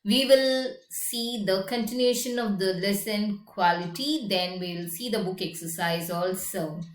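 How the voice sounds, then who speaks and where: A woman teacher who explains a story slowly and keeps checking in with her students. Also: mid-range voice. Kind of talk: classroom lesson. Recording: echoey room.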